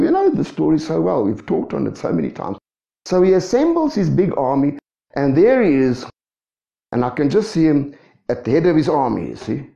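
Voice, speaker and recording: A man preaching a sermon, asking the congregation rhetorical questions in a lively way. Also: on the high side, creaky. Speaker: pastor. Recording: echoey dull room sound.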